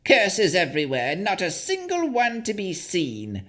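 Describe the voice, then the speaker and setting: A woman's voice: lowish voice, wildly swooping pitch, unhurried, fairly bright tone, pitched above the performer's own voice, full character voice. A male narrator voicing a mad, filthy female hag who pleads and shrieks in erratic, rambling bursts. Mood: ranting. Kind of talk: audiobook character voice.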